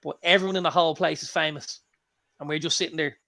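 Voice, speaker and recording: Gravelly-voiced Irish man telling stories. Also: a little high, quick pace. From Ireland. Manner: lively anecdote-telling, swears freely. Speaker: co-host. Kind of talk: casual chat.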